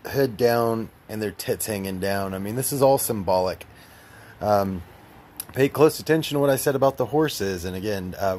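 A man's voice: on the low side, a little mellow, a little hiss or hum. A man giving casual, rambling commentary while walking outdoors in a park, full of fillers and loose asides. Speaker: vlogger.

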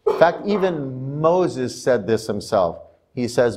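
A man's voice: mid-range voice, big pitch swings, slow, noisy background. A man who is a pastor, giving a sermon in a church in a conversational, self-amused way. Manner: conversational, laughs at himself while telling stories. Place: church sanctuary.

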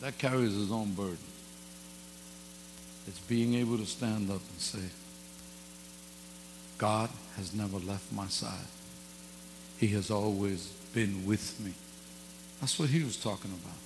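A man's voice: on the low side, measured pace, long pauses. A man preaches a loose, joking sermon, telling stories in folksy, casual speech. His voice carries a long reverb from the church hall. A faint electrical hum sits under the recording. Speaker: guest pastor. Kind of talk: informal sermon with humorous stories.

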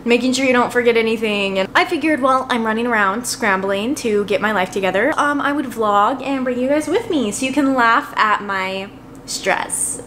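A woman's voice: a little high, fairly bright tone, slight background noise. A young woman vlogging casually to camera while running errands, rambling, frazzled and poking fun at herself. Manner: rambling, frazzled and self-mocking. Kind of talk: casual vlog chat to camera. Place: out and about, stores and car.

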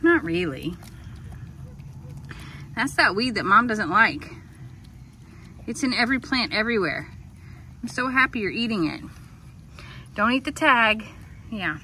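A woman talks to her goats outdoors in affectionate baby talk, casual and chatty. Her voice is bright and sits a little high. Faint outdoor ambience and animal sounds drift behind her. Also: expressive, normal speed, pauses often, a little hiss or hum. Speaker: goat owner filming her goats. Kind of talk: casual vlog talking to animals.

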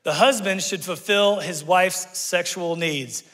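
A man in his forties delivers an energetic sermon from the pulpit, talking directly to his congregation. His voice is bright and forceful, a little higher than most men's. The sound carries a long church-hall reverb. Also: slow pace. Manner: animated, conversational preaching with asides to the congregation. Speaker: pastor. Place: church sanctuary.

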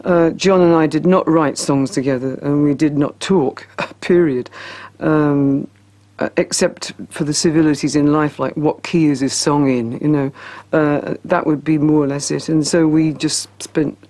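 A man's voice: on the high side, steady tone, measured pace, darkish tone. A man speaking candidly in a documentary interview recollection.

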